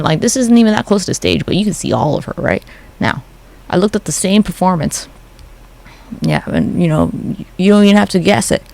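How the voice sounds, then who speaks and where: A profane, gossipy vlogger talks through photos in a loose, unscripted rant and keeps breaking into little acted-out quotes. The voice is gravelly and swings widely up and down in pitch. Underneath the energy, the speaker sounds a little bummed. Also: a little mellow. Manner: profane, gossipy, acts out quick mock quotes. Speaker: conspiracy commentary vlogger. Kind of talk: casual rant over photos.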